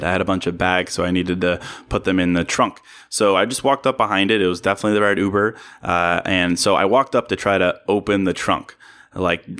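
A man's voice: lowish voice, fairly bright tone. A young man giving a casual motivational monologue, candid and self-deprecating, laughing often and restarting his sentences.

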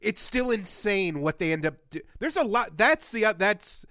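Male podcast co-host, high voice, dry close mic, wry and excitable. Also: normal speed, no room sound. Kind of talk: casual podcast chat.

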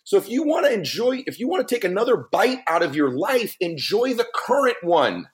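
A man's voice: high voice, sing-song, fairly quick, a crowd in the background. A middle-aged man, a podcast guest, telling a story in an emphatic, joking way. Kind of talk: animated storytelling.

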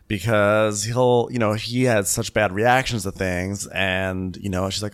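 A man co-hosting a podcast, recapping a reality show in casual chat and jumping into high mock voices to imitate the people on it. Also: fairly even intonation, measured pace, hardly any pauses, clear, resonant tone. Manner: jokey, mimics people in high falsetto voices. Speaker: podcast co-host.

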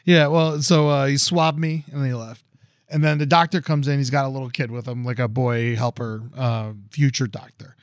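Speaking at normal speed in a mid-range, clean tone, a male podcast co-host comes through on a dry, clean studio recording. His casual chat turns into a long, profane story, and he gets animated, raising his voice to act out quotes.

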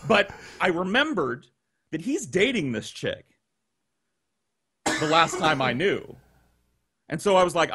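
A man telling a long story on a podcast, animated and profane, acting out the people he quotes, on a video call. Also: fairly high pitch, a little slow, long pauses, husky. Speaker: guest storyteller.

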